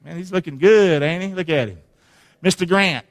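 High-voiced, lively preacher. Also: male voice, moderate pace. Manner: animated, call-and-response with the congregation. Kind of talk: sermon. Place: church hall. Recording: long hall reverb.

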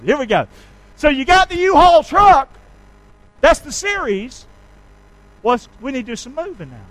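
A male pastor preaching a sermon, leading his congregation in call-and-response and swinging from shouts to quiet asides. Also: extremely high pitch, low-quality recording. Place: church sanctuary.

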